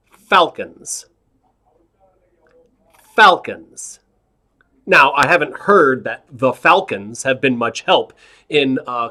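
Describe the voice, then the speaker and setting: A man's voice: mid-range voice, a bit bright. A man performing a stand-up set over a video call, awkward and self-deprecating. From New York. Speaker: stand-up comedian.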